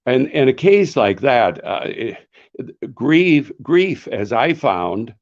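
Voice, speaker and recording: An older man, an author and former pastor, answering questions in a live author session in an earnest, reflective way, often pausing to search for words. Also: fairly low pitch, muffled recording.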